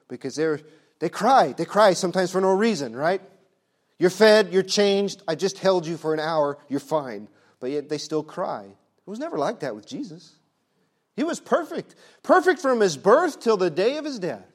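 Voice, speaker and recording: Preacher, male, high-pitched, emphatic sermon delivery with soft and loud swings. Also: expressive, moderate pace. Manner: rhetorical questions.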